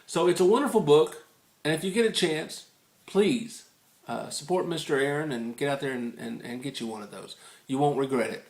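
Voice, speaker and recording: A man's voice: fairly high pitch, moderate pace, darkish tone. Folksy Southern man in an echoey room. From Tennessee, United States. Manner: folksy, rambling, good-humored. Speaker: ukulele book reviewer. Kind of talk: casual video review. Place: indoor room with a window. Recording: roomy echo in a room.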